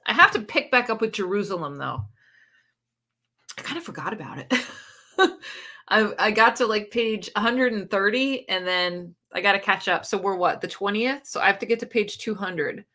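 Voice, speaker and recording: A woman with a bright, forceful voice hosting a relaxed livestream. She chats loosely, laughs a lot and answers viewer comments as they come in. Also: medium pitch, moderate pace. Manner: chatty, laughs often, reads viewer comments aloud. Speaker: book channel host. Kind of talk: casual livestream chat.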